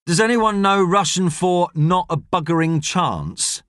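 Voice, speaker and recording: A man's voice: high voice, a little slow, fairly bright tone, no room sound, studio quality, voice pushed up. A man doing a sarcastic, grumpy astronaut. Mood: exasperated. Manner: sarcastic, exasperated. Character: irritable, dry middle-aged male astronaut.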